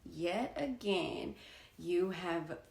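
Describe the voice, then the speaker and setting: A woman's voice: fairly low pitch, lively intonation, very slow, gravelly, darkish tone, echoey room. A woman talking candidly and emotionally about her life, blunt and swearing freely. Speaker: vlogger. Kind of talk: candid personal monologue.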